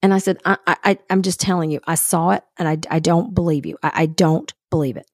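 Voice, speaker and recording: A woman co-hosting a podcast tells a story casually and quickly, acting out what the other people said with lively energy. Her pitch is fairly low, and the recording is dry with clean studio sound.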